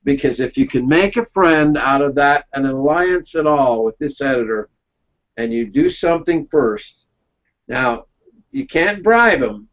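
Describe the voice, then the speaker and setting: A man's voice: a little high, expressive, measured pace. A man presenting a webinar, telling folksy business anecdotes in a casual round-table chat and checking in with his listeners. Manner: folksy storytelling, checks in with "okay?". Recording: dull lo-fi recording.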